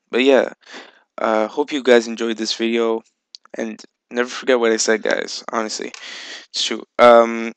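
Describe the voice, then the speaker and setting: A man's voice: mid-range voice, fairly bright tone, clean tone, no room sound, rough recording. A man hosting a casual video game vlog, rambling with lots of fillers and casual swearing. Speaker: video game channel host. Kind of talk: casual gameplay vlog chat.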